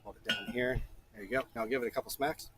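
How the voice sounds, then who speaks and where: A man's voice: mid-range voice, steady tone, fast talker, background noise. A man working as a blacksmith, giving casual hands-on instruction to a beginner and chatting with stories as he works.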